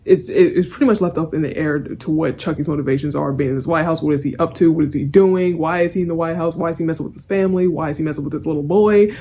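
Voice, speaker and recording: A woman's voice: low-pitched, quick pace, hardly any pauses, warm tone, a little hiss or hum. A young woman giving a casual spoken review of a TV episode, rambling and giggly, with lots of fillers and restarts. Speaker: TV series reviewer.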